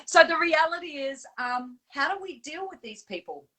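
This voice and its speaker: Woman, high voice, bright tone, chatty live host, fillers, laughs. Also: moderate pace, low-quality recording. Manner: chatty, animated, laughs often, strings fillers. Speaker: stand-in host of a live show. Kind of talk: casual live chat. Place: on Bribie Island.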